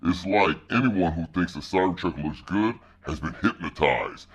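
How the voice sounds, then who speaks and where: A man putting on a deep husky grumbling commenter. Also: lively intonation, moderate pace, muffled recording, full character voice. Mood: scornful. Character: grumbling skeptical male online commenter, gruff.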